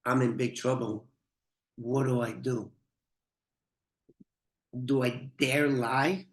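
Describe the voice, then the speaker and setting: Frightened girlfriend, as a man puts her on, muttered aside, hushed. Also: medium pitch, fairly even intonation, slow, voice pushed down, lightly acted. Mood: scared. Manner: muttered, worried. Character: frightened young woman caught lying. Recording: roomy echo.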